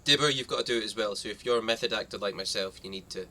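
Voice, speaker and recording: A man's voice: lowish voice, very fast, pushed and bright, slight background noise. A man streaming a game live, chatting casually and joking with a friend. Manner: jokey, banters and laughs often. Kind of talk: casual chat while gaming.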